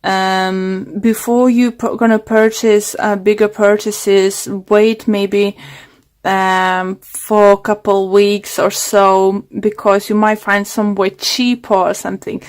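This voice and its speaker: Woman, tarot reader, fading hoarse voice, halting delivery, lots of ums. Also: mid-range voice, flat delivery. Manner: hesitant, many fillers and restarts. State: losing her voice. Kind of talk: casual tarot reading monologue.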